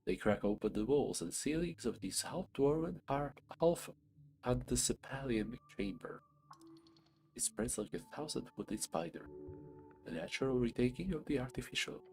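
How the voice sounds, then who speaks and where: A young man narrating a fantasy game aloud as a streamer, with unhurried, descriptive storytelling. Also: medium pitch, lively intonation, darkish tone.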